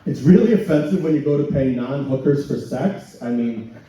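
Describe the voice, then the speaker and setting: A man doing a stand-up set, telling crude stories in a deadpan way and putting on voices for the people he quotes. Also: mid-range voice, normal speed. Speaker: stand-up comedian. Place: comedy night in a function hall. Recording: echoey hall, distant, dull and lo-fi. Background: audience laughter.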